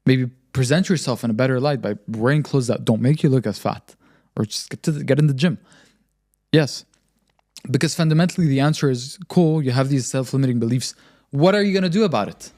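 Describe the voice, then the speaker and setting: A man's voice: mid-range voice, a little fast, a little mellow. A man hosting a podcast, talking in a blunt, motivational way and firing questions at the listener. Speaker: podcast host. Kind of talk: casual podcast conversation.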